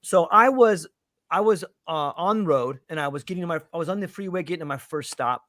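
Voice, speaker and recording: A man telling a story in a casual chat, lively and acting out the voices of the people in it. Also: on the high side, brisk, no room sound, clean studio sound. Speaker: panel guest telling a story.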